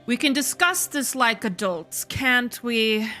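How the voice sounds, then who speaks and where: A woman reading a scheming, persuasive nobleman's lines in a measured, deliberate way, in a slightly lowered voice. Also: animated, sharp tone, soft background music, full character voice.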